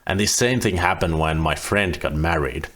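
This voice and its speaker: A man's voice: low-pitched, normal speed, fairly bright tone. A man in his thirties talking candidly to camera in a casual vlog, swearing freely as he goes. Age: 30s. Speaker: vlogger.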